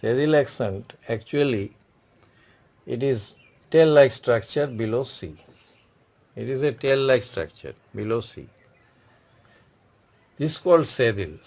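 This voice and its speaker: Gravelly-voiced man teaching a class. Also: mid-range voice, animated, a little mellow. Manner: repetitive, explains slowly with many restarts. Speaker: French teacher. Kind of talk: classroom lecture.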